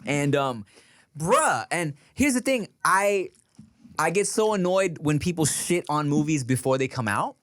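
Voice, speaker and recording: A man's voice: fairly high pitch, expressive, unhurried, a bit bright. A man co-hosting a casual podcast, talking in slang and giving strong opinions. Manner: slangy, opinionated, says dog and bruh. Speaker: podcast co-host.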